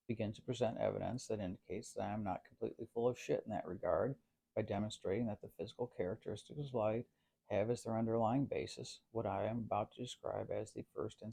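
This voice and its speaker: A man giving a scripted philosophical narration in a measured, formal way, with long winding sentences. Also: fairly low pitch, steady tone, creaky, warm tone.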